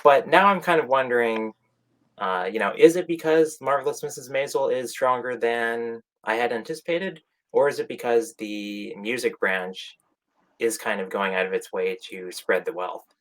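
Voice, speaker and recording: A man giving quick, conversational takes on awards results in a casual panel chat. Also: medium pitch, fairly bright tone. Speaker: awards pundit.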